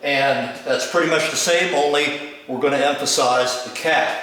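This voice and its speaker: A man's voice: mid-range voice, normal speed, pushed and bright, slight background noise. Older man coaching step aerobics, echoey room. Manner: coaching, calls out step moves. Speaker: fitness instructor. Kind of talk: instructional demonstration. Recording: echoey room, distant mic.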